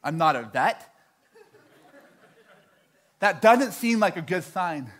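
A young man from Canada telling a stand-up story, animated and self-mocking, acting out his own dialogue. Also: high voice, takes it slowly. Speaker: stand-up comedian.

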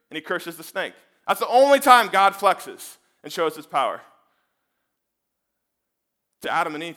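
A man preaching a sermon, emphatic and full of rhetorical questions, dropping to a hush and then building back up. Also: a little high, big pitch swings, normal speed, pauses often.

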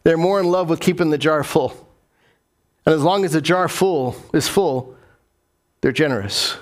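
A man's voice: a little high, normal speed. A man preaching a sermon as pastor, repeating key phrases for emphasis and putting questions to his congregation.

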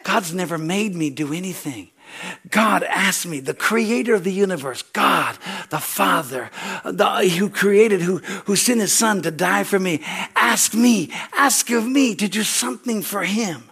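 An older male pastor, preaching a sermon in an animated storytelling way, acting out dialogue and laughing often. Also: high voice, unhurried, creaky, husky.

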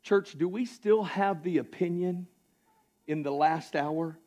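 A male pastor with a Southern American accent delivers a sermon in a notably high voice for a man. He swings between rousing, shouted declarations and sudden near-quiet asides, speaking to his congregation in a church sanctuary. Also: slow pace.

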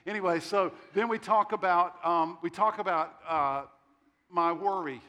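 A middle-aged man preaching in a storytelling way. His voice sits a little higher than most men's, and he slips into quick quoted dialogue and wry jokes about himself. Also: pushed and bright. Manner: storytelling with self-deprecating humor and quoted dialogue. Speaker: pastor. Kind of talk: sermon.

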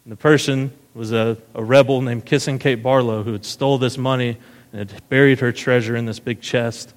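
Pastor, male, mid-pitched voice; casual storyteller in a long-echo sanctuary. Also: fairly even intonation, normal speed. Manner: casual storytelling, keeps checking in with "right?". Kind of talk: sermon. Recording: long hall reverb.

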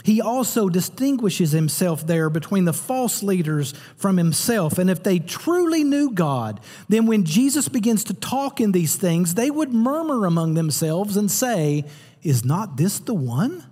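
A man's voice: high-pitched, very animated, unhurried, hardly any pauses, dark tone, breathy edge, in a large hall. A man preaching a sermon as pastor, teaching earnestly and repeating words for emphasis.

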